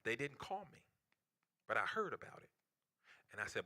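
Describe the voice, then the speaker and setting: A man preaching with passion in a church. His voice is very bright and rings out, with a lively, wide-ranging pitch. He moves from loud outcries to hushed near-whispers. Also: moderate pace. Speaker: pastor. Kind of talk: sermon.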